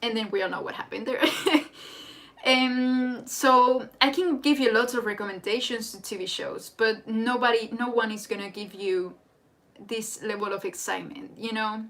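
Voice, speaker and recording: A young woman, a native Spanish speaker, hosting a casual live chat in an excitable, rambling way. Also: on the high side, normal speed. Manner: excitable and rambling, with frequent restarts. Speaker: livestream host. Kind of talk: casual live chat reading viewer comments.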